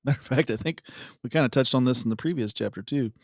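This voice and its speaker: A man co-hosting a devotional show, reading a Bible passage and joking around in a relaxed, casual chat. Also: medium pitch, fast, no echo, clean studio sound. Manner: laid-back, jokey, laughs often.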